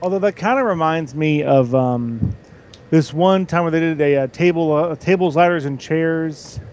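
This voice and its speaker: A man co-hosting a casual podcast, telling a story slowly with hesitant fillers. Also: on the high side, darkish tone, lo-fi sound. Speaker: podcast co-host. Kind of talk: casual chat.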